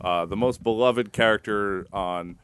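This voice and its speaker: A man on a comedy podcast delivering crude jokes in a deadpan way. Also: on the low side, measured pace, clear, resonant tone. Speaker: podcast co-host. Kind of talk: casual banter.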